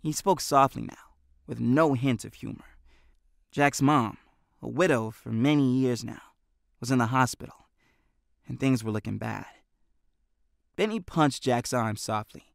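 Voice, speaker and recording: A man narrating an audiobook with expressive storytelling, recorded in a booth. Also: medium pitch, measured pace, vocal fry, long pauses, dry recording, studio quality. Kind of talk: scripted narration.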